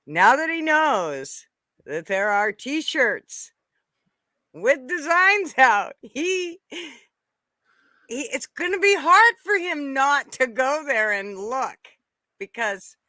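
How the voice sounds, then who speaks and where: A woman co-hosting a casual podcast, talking at an unhurried, drawn-out pace. Her voice is bright and forward, and she laughs often while teasing her co-host. The sound is dry and close. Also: sits high, sing-song, dry recording.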